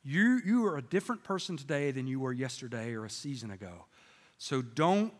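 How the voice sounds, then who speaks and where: A man's voice: medium pitch, sing-song, fairly quick, in a large hall. A middle-aged man, a pastor, preaching a sermon in a church in a folksy storytelling way with jokes. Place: church sanctuary with congregation.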